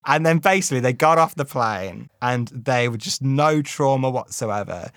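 A comedian retells a story he half remembers, rambling and chuckling, and slowing down for dramatic effect. His voice is mid-pitched and recorded close and dry, with no room echo. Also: lively intonation, a bit bright. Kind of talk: casual storytelling.

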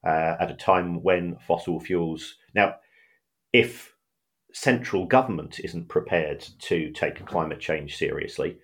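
A man with a very deep voice co-hosts a casual podcast. He talks in a measured, careful way, pausing often with fillers as he explains things. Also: breathy edge. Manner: measured, hesitant, many fillers. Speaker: podcast co-host, finance expert. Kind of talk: casual chat.

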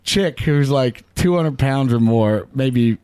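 A man's voice: medium pitch, lively intonation, slow, darkish tone, clean tone, dry recording, clean studio sound. A man from Pennsylvania, a podcast guest, telling loose, profane stories in casual chat and laughing through them. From Pennsylvania, United States. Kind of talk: casual storytelling.

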